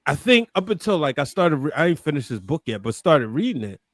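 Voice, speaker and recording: This wrestling podcast co-host rambles his way through his point, peppering it with "you know" in casual conversation. He sounds very animated, speaks fairly quickly in a voice on the high side, and the recording is dry.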